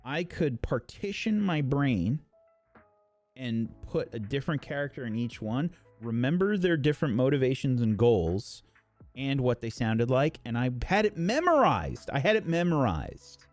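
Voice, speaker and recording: Lively game master, mid-pitched, very dry close sound, thoughtful and sweary. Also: male voice, measured pace, dry recording, faint music behind. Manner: animated, reflective, swears. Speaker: game master and show regular. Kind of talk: casual podcast chat.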